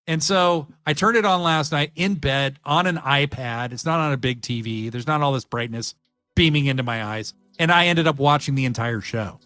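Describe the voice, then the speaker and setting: A man's voice: mid-range voice, normal speed, sharp tone, dry recording. A man hosting a podcast, chatting eagerly and rambling with lots of fillers. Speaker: podcast host. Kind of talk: casual chat.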